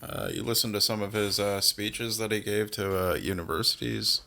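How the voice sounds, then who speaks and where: A man's voice: lowish voice, moderate pace, creaky, sharp tone. A man in a casual podcast chat, hesitant with many fillers and fond of teasing. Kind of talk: casual movie discussion chat.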